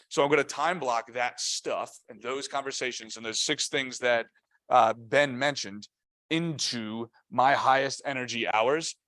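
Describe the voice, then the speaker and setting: A man giving a motivational training talk at a team meeting, energetic and punchy, often quizzing his listeners. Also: medium pitch, dry recording. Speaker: real estate team trainer.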